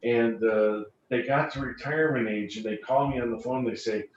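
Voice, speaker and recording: On an echoey video call, a financial sales panelist tells anecdotes during a panel discussion, repeating phrases for emphasis. His mid-range voice is fairly even and moderately paced, picked up by a computer mic that sounds distant, dull, and lo-fi, with faint hiss.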